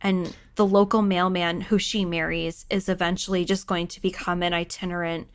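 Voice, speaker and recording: A woman's voice: lowish voice, flat delivery, normal speed, smooth. A woman co-hosting a casual book chat, analytical with joking asides. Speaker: podcast co-host. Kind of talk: casual chat about books.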